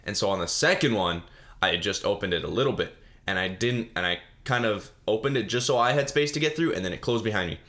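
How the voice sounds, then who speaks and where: Rambling low-voiced young man. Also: expressive, fast, pushed and bright. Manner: rambling, self-mocking, full of fillers and restarts. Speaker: podcast host. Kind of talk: solo comedic storytelling.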